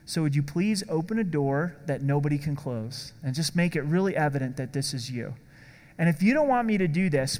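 In a big-sounding room, a male pastor with a slightly high voice preaches conversationally, putting questions to the congregation.

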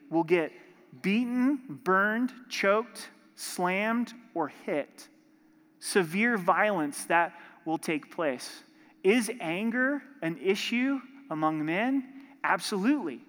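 Guy preaching a fired-up sermon, highish voice, big echoey church hall. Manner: impassioned, rising to forceful emphasis. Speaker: pastor. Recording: long hall reverb.

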